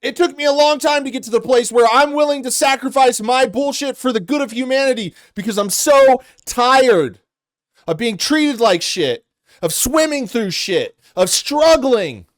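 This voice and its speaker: A young man rants through reaction commentary, exasperated and swearing as he goes. His voice sits high for a man. The sound is dry and close, with no room around it. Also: expressive, unhurried, no room sound. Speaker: commentary host.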